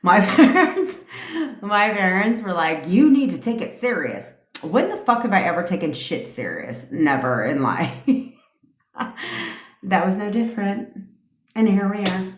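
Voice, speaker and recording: A woman's voice: mid-range voice, sing-song, a little slow, pauses often, echoey room. A woman hosting a casual live stream as a manifestation coach, ranting in a brash, profane way and laughing through her tangents.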